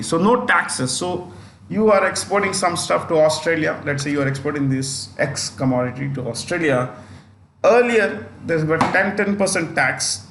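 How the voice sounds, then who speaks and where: A man's voice: a little high, normal speed, fairly bright tone. A man with an Indian English accent giving an exam-prep current affairs lecture, repeating phrases and checking in with his students. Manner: repetitive, restarts phrases, checks in with "got it?". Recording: echoey room with faint noise.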